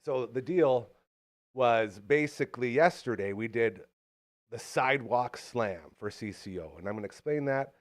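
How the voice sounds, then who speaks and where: A man's voice: medium pitch, moderate pace. A man hosting a live show, out of breath and talking in a hyped, jokey, self-mocking way. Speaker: host.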